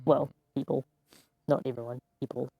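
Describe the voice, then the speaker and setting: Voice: medium pitch, flat delivery, moderate pace, gravelly, phone-quality sound. A co-streamer in casual live chat, talking in a rambling way with lots of hedging. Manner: rambling, laughs often, hedging.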